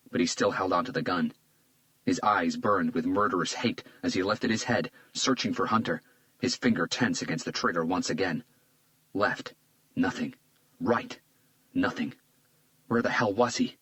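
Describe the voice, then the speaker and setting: A man reads a crime thriller aloud in a very deep, low voice. His delivery is measured and tense, steady through the action. He voices the lead detective in his own register. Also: dry recording, rough recording. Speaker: audiobook narrator. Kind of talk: scripted thriller narration.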